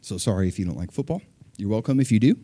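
A middle-aged man preaching a sermon, talking loosely and acting out voices with sudden jumps in pitch. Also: quick pace, no room sound. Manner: animated, acts out voices of people and God with sudden pitch jumps. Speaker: pastor.

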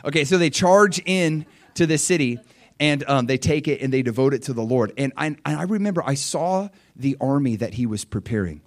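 A man preaching a sermon and recounting a vision, fervent, dropping to quiet asides and rising to loud surges, often restarting his words. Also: medium pitch, brisk. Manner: restarts and stumbles over words.

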